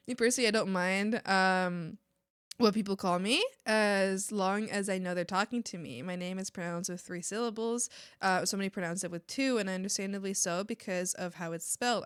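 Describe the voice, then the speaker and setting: A young woman from Mexico chatting casually on an art stream, animated and ranting, laughing often and swearing casually. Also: medium pitch, clear, resonant tone, dry recording, clean studio sound. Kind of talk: casual live-stream chat.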